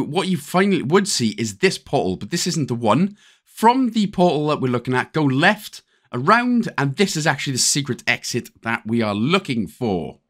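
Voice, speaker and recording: Welsh male gaming host, fairly high voice with a bouncy lively delivery, chatty and jokey walkthrough commentary. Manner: chatty, jokey, step-by-step instructions. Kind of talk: casual game walkthrough commentary.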